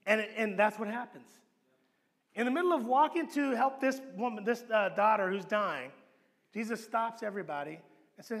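A man preaching a sermon as pastor, telling the story with animated acted-out voices and dropping to a low hush for emphasis. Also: moderate pace, creaky. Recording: long hall reverb.

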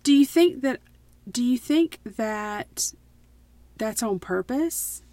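A woman, co-hosting a casual book chat in an animated, teasing and emphatic way. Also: a little high, slow, no echo. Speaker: podcast co-host and teacher.

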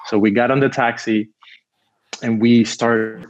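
A man's voice: mid-range voice, steady tone, a little slow, dull audio, slight background noise. A man from Cuba, a guest telling a story in a rambling casual way, full of "like", acting out what people said. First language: Spanish. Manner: rambling, heavy use of "like", acts out quotes.

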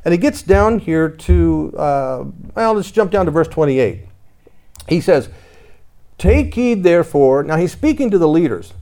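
A man's voice: on the high side, animated, normal speed, mellow. A man preaching a conversational sermon, telling his own story and reading scripture aloud in old-fashioned wording. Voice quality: reads scripture in King James wording.

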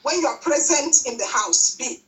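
A woman's voice: sits high, expressive, normal speed, fairly bright tone, far from the mic, rough recording. A woman preaching a sermon, repeating her exhortations, with frequent restarts. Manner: repetitive, exhorting, many restarts. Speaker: church speaker. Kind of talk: sermon on parenting.

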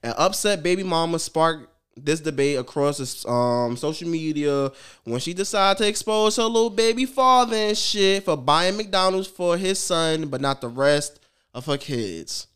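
Podcast guy, smooth clear voice, cussing and slangy storytelling. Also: a little high, lively intonation, moderate pace, fairly bright tone. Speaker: podcast co-host. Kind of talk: casual chat.

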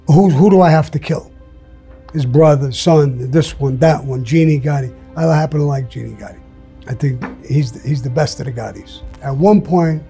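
Older new guy telling rough stories in an interview, swears a lot, husky and kinda high. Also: dark tone. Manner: blunt, profane, streetwise storytelling. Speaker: interview guest. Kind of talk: storytelling interview.

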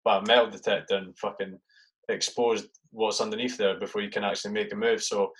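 A man's voice: fairly low pitch, little pitch movement, fairly quick, fairly bright tone, low-quality recording. A man hosting a casual interview, rambling about infantry life with lots of "like" and swearing. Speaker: podcast host, ex-soldier.

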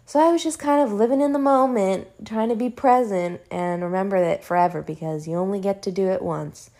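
Young adult woman, casual home vlogger, chatty and animated storyteller, sprinkles in swearing. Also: mid-range voice, fairly quick. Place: home room.

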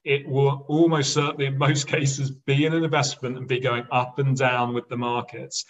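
A man's voice: mid-range voice, level tone, normal speed, recorded from a distance, rough recording. A man talking as a guest on a podcast, explaining eagerly in a casual way. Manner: enthusiastic, explanatory. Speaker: podcast guest, pensions specialist. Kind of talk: casual interview chat.

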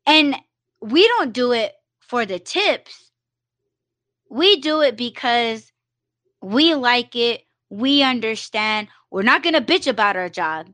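A woman's voice: fairly high pitch, expressive, slow pace, fairly bright tone, dry recording. A woman hosting a solo live podcast, talking bluntly with lots of swearing and fillers like "you know" and "like". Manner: blunt, profane, emphatic rant with many fillers. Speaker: podcast host.

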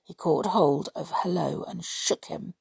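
A woman reading a children's story aloud in an expressive, dramatic way, with gasps and whispers. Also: fairly low pitch, measured pace, gravelly, breathy edge, dry recording, studio quality.

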